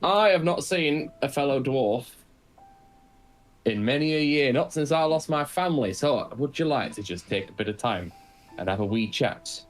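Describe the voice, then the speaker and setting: A man's voice: medium pitch, animated, normal speed, close to an everyday voice. A man doing an eager, nosy Scottish dwarf. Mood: eager, prying. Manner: chatty, pushy, fires off questions. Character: eager, nosy young male dwarf adventurer. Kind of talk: improvised tabletop role-play.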